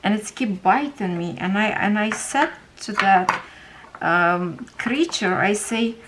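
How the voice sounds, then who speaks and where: Slow, halting woman with a Ukrainian accent. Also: medium pitch, background noise. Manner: halting, searching for words. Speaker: craft vlogger. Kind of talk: casual storytelling while organizing.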